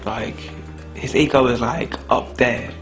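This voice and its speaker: A man's voice: mid-range voice, a little slow, fairly bright tone, faint music behind, close to an everyday voice. A man playing a smug new-age contestant who talks about energy, airy and dismissive. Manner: airy, dismissive, self-assured. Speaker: contestant in a mock dinner-party show. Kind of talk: improvised mockumentary acting.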